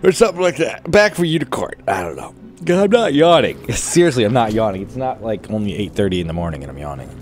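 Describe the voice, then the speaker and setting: Animated, jokey male game commentator. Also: on the low side, fast talker. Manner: jokey and exclamatory, shouting at enemies. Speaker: gaming video host. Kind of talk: let's play commentary.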